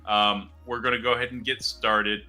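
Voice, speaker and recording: Man hosting a stream, halting and bright. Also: lowish voice, little pitch movement, soft background music. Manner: halting, filler-heavy, repeats words. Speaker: stream host and moderator. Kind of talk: casual livestream hosting.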